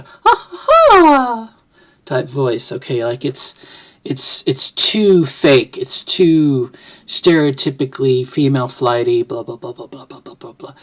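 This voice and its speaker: Middle-aged trans woman, home vlog, reflective, rambling, wry. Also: extremely low pitch. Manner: thoughtful, rambling, with many restarts and self-deprecating jokes. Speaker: vlogger. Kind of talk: casual to-camera talk. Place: home, at a computer desk.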